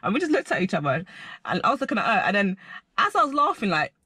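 A young man telling a rambling personal story to camera, animated and full of filler words. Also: sits high, fast, husky, no room sound. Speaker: vlogger.

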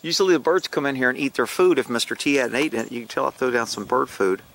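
A man's voice: medium pitch, animated, fast talker, vocal fry, a bit bright, a little hiss or hum. A middle-aged man telling a rambling, casual story outdoors into a handheld phone, swearing freely and laughing at himself. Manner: chatty, swears casually, laughs at own stories. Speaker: vlogger, horse owner.

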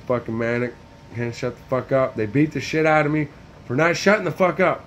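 A man's voice: mid-range voice, expressive, moderate pace, pauses often. A man ranting in a manic, profane, rambling monologue, filmed on a phone in a room. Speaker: vlogger. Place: indoors, room with a TV.

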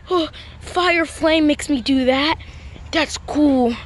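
A woman improvising a game role-play, excitable, gasping and yelling at surprises. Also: high-pitched, slow pace. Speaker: player.

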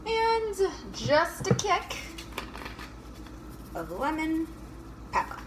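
A young woman with a high, bright voice hosts a casual cooking vlog from her home kitchen. She jokes, swears offhandedly and breaks into silly chopping chants. Knife chopping and kitchen noise sit clearly behind her. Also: very animated, extremely slow. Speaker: comedian cooking vlogger.

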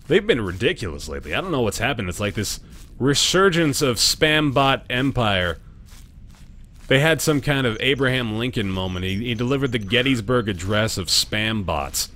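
Bright-voiced excitable male gaming streamer. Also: fairly low pitch, normal speed. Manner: excitable, swears and yelps at in-game danger. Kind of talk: live let's play commentary.

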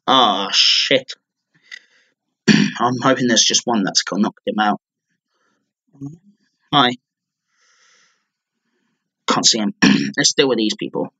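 A young man giving live commentary on his own gameplay, clearing his throat often and breaking into excited outbursts. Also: mid-range voice, slow, pauses often. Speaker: gamer streamer.

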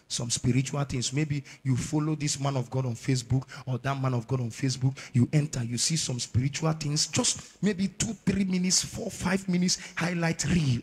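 A man with a Nigerian accent preaching a sermon as an evangelist, moving from low murmurs to shouted warnings. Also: husky. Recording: long hall reverb.

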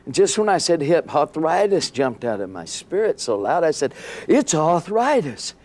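A man telling an animated story as a guest on a TV interview. He laughs often and acts out the scenes. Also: a little high, moderate pace.

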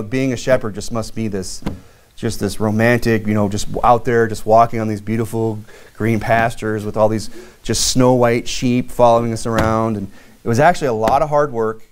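A man's voice: mid-range voice, steady tone, moderate pace, slight background noise. A married man preaching a sermon in a loose, conversational way, with frequent fillers and restarts. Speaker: pastor.

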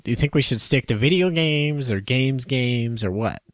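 A man's voice: medium pitch, expressive, moderate pace, dry recording. Joking male podcast co-host, dry sound. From United States. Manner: joking, laughs often, trails off and restarts. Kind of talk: casual chat.

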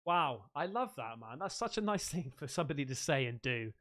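Excitable man with a lively voice. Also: a little high, brisk. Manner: excitable, swears freely, laughs often. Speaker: streamer host. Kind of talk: casual chat while unboxing fan mail.

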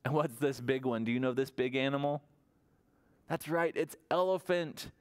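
A man reading a picture book aloud at a library toddler storytime, in an animated sing-song way and often asking the children questions. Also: mid-range voice, moderate pace, clear, resonant tone. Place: public library storytime room.

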